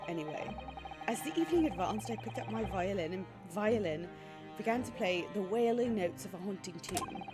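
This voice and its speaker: Pompous male sleuth voiced by a woman, bad British accent, theatrical and lively. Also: medium pitch, moderate pace, close to an everyday voice. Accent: put-on British, admittedly bad. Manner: grandiloquent, theatrical pronouncements. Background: game music.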